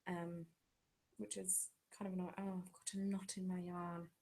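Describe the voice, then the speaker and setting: On a laid-back home live stream, an English craft channel host works through viewer comments, chatty and self-mocking. She has a lowish, darkish voice with little pitch movement and speaks at normal speed.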